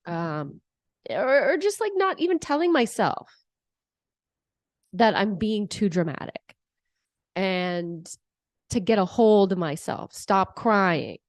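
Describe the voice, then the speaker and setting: Speaking slowly with long pauses, a young woman coaches viewers on emotions in a straight-to-camera advice talk. Her medium-pitched voice turns animated as she plays out parents' voices in examples, recorded cleanly in a studio with no echo.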